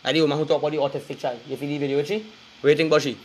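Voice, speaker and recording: A man's voice: a little high, fairly even intonation, racing, a little hiss or hum. A man with a Trinidadian accent delivering an angry, cursing, threatening street rant to his viewers. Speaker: online commentator.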